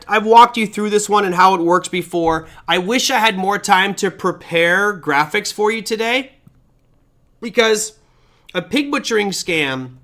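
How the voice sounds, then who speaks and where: A high-pitched man leads a live crypto trading class on the internet, sharing his screen. He's talkative and energetic, reading the audience's comments out loud.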